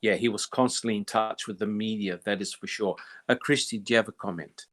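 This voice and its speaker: A man's voice: on the low side, fairly even intonation, brisk, fairly bright tone. A man hosting a casual panel discussion, calling on each panelist in turn and agreeing often with them. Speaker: podcast host.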